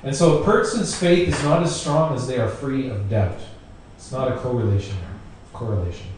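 A man's voice: medium pitch, normal speed, a little mellow. A man preaching a sermon in a conversational way, repeating phrases for emphasis. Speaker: pastor. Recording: very echoey room, distant mic, faint noise.

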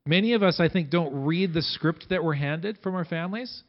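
A man preaching a sermon in a conversational way, acting out quotes with big swings in pitch and loudness. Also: moderate pace, lo-fi sound. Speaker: pastor.

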